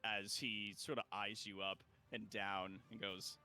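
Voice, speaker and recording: A man's voice: on the low side, flat delivery, a little slow, pushed and bright, clean tone, faint music behind. A man running a tabletop game as game master, narrating casually and playfully, laughing often and using lots of fillers.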